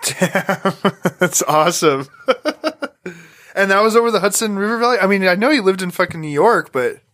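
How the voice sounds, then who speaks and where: A man hosts a podcast in a relaxed, profane way, with a fairly high voice. He laughs easily and tells stories loosely. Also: moderate pace. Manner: laid-back, profane, laughs a lot. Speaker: podcast host. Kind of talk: casual podcast chat.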